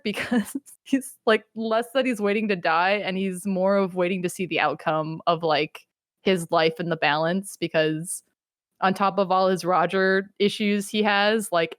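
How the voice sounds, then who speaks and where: A woman's voice: mid-range voice, no echo, studio quality. A woman co-hosting a casual show, retelling events with acted-out quotes and frequent swearing. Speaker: podcast co-host. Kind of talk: casual chat.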